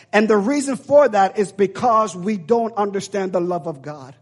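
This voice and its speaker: Male preacher, sermon, emphatic, repetitive, husky voice. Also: sits high, fairly bright tone.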